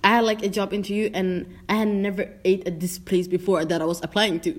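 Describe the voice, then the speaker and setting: A woman's voice: medium pitch, quick pace. Chatty young woman. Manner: chatty, animated storyteller who acts out her own reactions. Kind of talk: casual chat.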